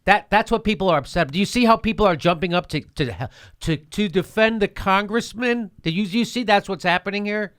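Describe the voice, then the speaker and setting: A man's voice: high voice, a little fast, a bit bright, smooth. A man hosting a show, giving heated political commentary, indignant and sarcastic, repeating his points with profanity. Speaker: host.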